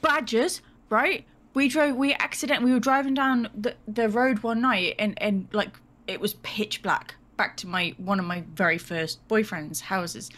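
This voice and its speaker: A woman's voice: fairly high pitch, measured pace, few pauses, fairly bright tone. Blunt, crude woman. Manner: blunt, crude and teasing, does silly voices. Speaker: podcast co-host. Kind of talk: casual chat.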